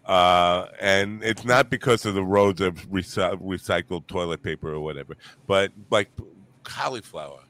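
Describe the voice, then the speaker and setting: Bright-voiced man hosting a podcast. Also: low-pitched, normal speed, dry recording. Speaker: podcast host. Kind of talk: casual podcast chat.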